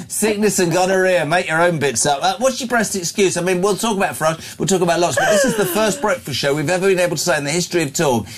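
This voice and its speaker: A man's voice: sits high, sing-song, slight background noise. A man hosting a live breakfast radio show, joking and reading out listener messages. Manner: jokey, brisk, reads out listener messages.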